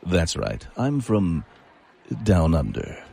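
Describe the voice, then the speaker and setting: A man's voice: sits low, wildly swooping pitch, slow, gravelly, dark tone, husky, exaggerated voice. An actor playing a sly, devilish man posing as a suicide hotline counselor, coaxing and sinister. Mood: smooth. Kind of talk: audio drama acting.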